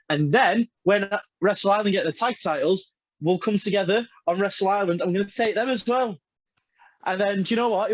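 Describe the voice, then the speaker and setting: High-voiced, brash English wrestler. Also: male voice, no room sound, muffled recording. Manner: boisterous storyteller, swears freely. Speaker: wrestler guest. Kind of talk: casual podcast chat.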